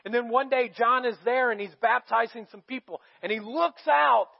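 A man's voice: very high-pitched, moderate pace, vocal fry, dull audio. A man pastor giving a sermon, telling the story casually with bursts of emphasis.

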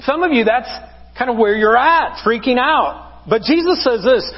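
A man's voice: extremely high pitch, expressive, moderate pace, big-room sound, dull audio. A man preaching a conversational sermon as pastor, asking the congregation rhetorical questions. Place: church sanctuary.

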